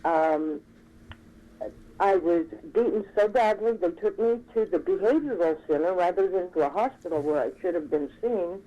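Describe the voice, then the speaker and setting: A woman in her fifties calling in to a talk show, speaking haltingly with stumbles. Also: fairly low pitch, expressive. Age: 50s. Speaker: caller. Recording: muffled phone line.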